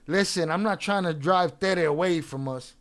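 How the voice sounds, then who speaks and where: Livestream host, male, high-pitched, profane and taunting, rants straight at his chat. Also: moderate pace. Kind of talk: livestream rant addressing chat.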